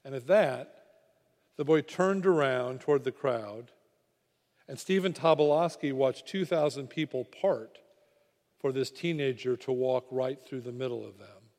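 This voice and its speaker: A man preaching a sermon, telling a story dramatically and dropping to a hush for weight. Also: medium pitch, measured pace. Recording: long hall reverb.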